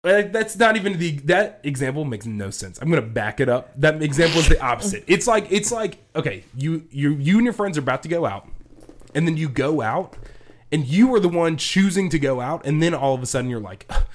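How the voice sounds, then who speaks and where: A man's voice: a little high, fairly quick. A young man in casual chat, rambling and acting out quotes as he tells a story. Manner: rambling, animated, acts out quotes. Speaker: co-host.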